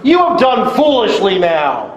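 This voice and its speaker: A man's voice: high-pitched, huge pitch swings, a little slow, muffled recording, full character voice. A man putting on a scheming old father-in-law, all mock sweetness. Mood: mock-sweet. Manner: mock-sweet, guilt-tripping. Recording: echoey room, faint noise.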